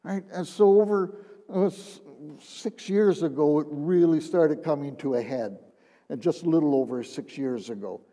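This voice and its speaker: An older man, a retired minister, giving a personal testimony, halting and repeating words, often dropping to a hushed tone. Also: a little high. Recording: long reverb of a large hall.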